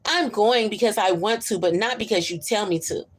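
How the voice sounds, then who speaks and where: A woman's voice: mid-range voice, moderate pace, close to an everyday voice. Woman doing a cheeky sulky little girl. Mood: impudent.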